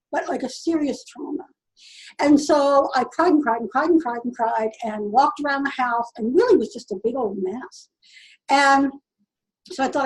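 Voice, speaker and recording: High-voiced woman telling a personal story. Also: darkish tone, rough recording. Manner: earnest, halting, full of restarts. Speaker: vlogger.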